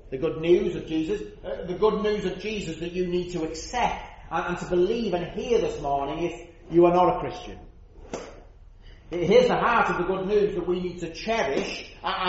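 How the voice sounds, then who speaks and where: A man's voice: a little high, darkish tone, a little hiss or hum. A man preaching an earnest sermon, stressing his points and asking rhetorical questions. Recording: roomy, dull church recording.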